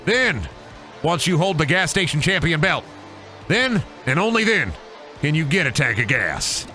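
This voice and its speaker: A man's voice: on the low side, fast talker, fairly bright tone, soft background music, close to an everyday voice. A man voicing a swaggering hillbilly gas station wrestler who drawls and calls everyone brother. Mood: boastful.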